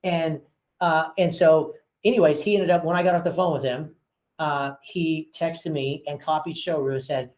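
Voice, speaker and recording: On a low-quality recording, a man speaks at a normal speed in a voice on the high side, darkish and fairly even in intonation. A real estate broker and owner, he leads a loose training for his agents, recounting frank work stories and acting out calls with voices in a chatty, filler-laden way.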